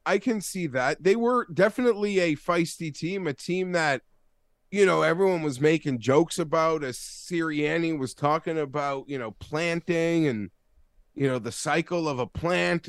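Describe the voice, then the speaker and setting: Brief: man, sports betting co-host, fairly high voice, dry close sound, easygoing and a little halting. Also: fairly bright tone, no room sound. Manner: easygoing, hesitant, stumbles over words. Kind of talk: casual sports betting chat.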